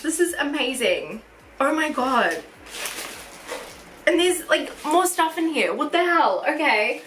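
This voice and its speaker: A woman's voice: high-pitched, sing-song, slow, long pauses, a bit bright. A New woman in her twenties chatting through a birthday haul vlog, gushing and chatty, full of "like" and "oh my god". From New Zealand. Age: 20s. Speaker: beauty vlogger. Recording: echoey room with faint hiss.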